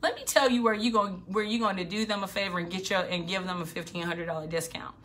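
A middle-aged woman business coach giving an animated, emphatic motivational talk, hammering her points with repetition. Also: medium pitch, fast talker. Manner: emphatic, animated, repeats for punch.

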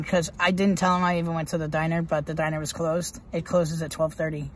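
A woman's voice: sits low, level tone, brisk, hardly any pauses, a little hiss or hum. A woman from the United States talking to viewers in a casual vlog, blunt and heavily profane. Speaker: vlogger. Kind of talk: casual vlog talk to camera.

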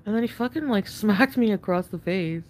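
A woman venting to camera in a rambling, profane confessional rant. She says she is high on an edible, and her speech is full of fillers and restarts. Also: animated, normal speed, a little hiss or hum. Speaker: online video creator.

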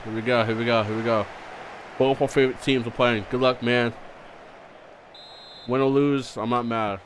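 A man live-streaming a football video game, chatting and reacting loudly, often repeating his words. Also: mid-range voice, normal speed, slight background noise. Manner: excitable, repeats words, yelps in surprise. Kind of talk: live gameplay chat.

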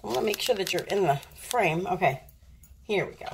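A woman's voice: medium pitch, lively intonation, a little fast, creaky, noisy background. A woman filming a casual cooking vlog in her home kitchen, chatting to viewers and doting on her dog. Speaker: dog owner vlogger.

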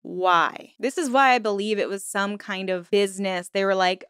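A woman's voice: medium pitch, moderate pace, a bit bright, smooth, dry recording, studio quality. A young woman hosting a true-crime commentary, talking emphatically and indignantly with lots of "like". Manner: indignant, emphatic, heavy use of "like". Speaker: commentary channel host.

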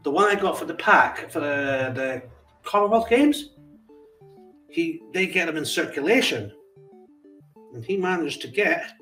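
A Scottish man with a slightly higher-than-average voice chats casually to camera, opening letters and parcels with warm, easy exclamations. Soft music plays faintly behind him. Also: far from the mic. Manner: chatty, warm exclamations, talks to his cat. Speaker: coin collecting channel host. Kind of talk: casual vlog chat while opening mail.

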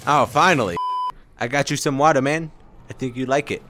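A young gaming streamer plays a video game and gives playful, melodramatic commentary, joking with himself and others. His medium-pitched voice is fairly quick, pushed and bright, with faint music behind him and exaggerated outbursts throughout.

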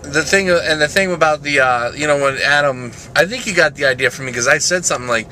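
Giggly excitable guy in a car. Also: a little high, fairly quick, slight background noise. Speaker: vlogger. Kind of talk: casual chat. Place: parked car, window down.

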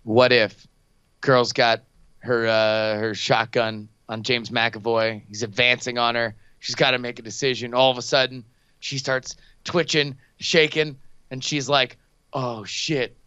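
Bright, crisp-voiced joking man. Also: medium pitch, a little slow, dry recording, dull audio. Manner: animated, joking, swears freely. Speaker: podcast host. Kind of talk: casual chat.

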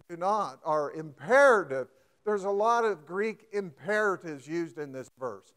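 A man preaching a folksy sermon, often asking the congregation questions and getting emphatic. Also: sits high.

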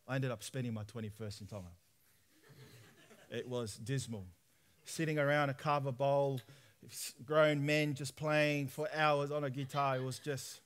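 A man, preaching a personal testimony sermon in lively storytelling style, acting out dialogue. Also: medium pitch. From Australia. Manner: animated storytelling, acts out dialogue with laughs.

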